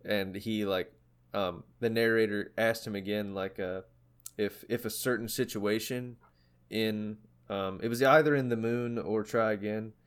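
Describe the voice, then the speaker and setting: A young man chatting on a podcast about music, his voice sitting a little low. He talks in loose, rambling stretches full of fillers and restarts. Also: fairly even intonation, a little slow, clean tone. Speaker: podcast co-host. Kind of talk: casual chat about music.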